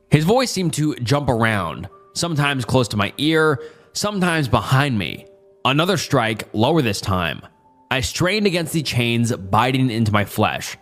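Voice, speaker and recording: Male narrator, mid-pitched, steady first-person horror reading over faint music. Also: unhurried. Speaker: story narrator.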